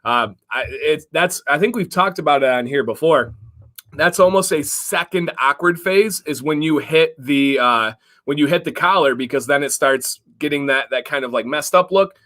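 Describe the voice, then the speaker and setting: Bright, upbeat male stream host. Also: fairly high pitch, moderate pace. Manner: upbeat, chatty, reads viewer comments. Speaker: livestream co-host. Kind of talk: casual live-stream chat.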